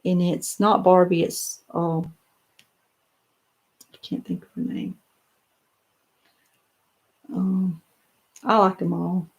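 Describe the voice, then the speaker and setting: A woman's voice: lowish voice, flat delivery, takes it slowly, gravelly, pauses often, darkish tone. An older woman, chatting casually on a live stream and answering viewer comments, rambling a little with lots of fillers and restarts. She is in a home office lined with doll showcases.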